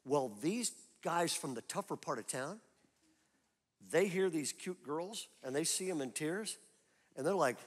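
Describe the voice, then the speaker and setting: A middle-aged man preaching a sermon as pastor, telling a story and building to loud emphatic peaks. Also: high voice, expressive, moderate pace, slightly rough. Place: church auditorium.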